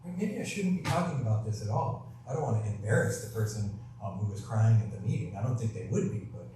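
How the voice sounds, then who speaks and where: A man giving a sermon in a gentle, conversational way, often pausing to ask "right?". His voice is mellow and dark. It rings through a big echoing temple hall and is picked up from far off, with a faint hum of room sound behind him. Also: on the low side, animated. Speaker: guest minister.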